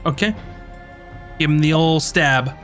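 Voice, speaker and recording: A man narrating as game master in a tabletop game, in a relaxed, chatty way with many fillers. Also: a little high, measured pace, soft background music.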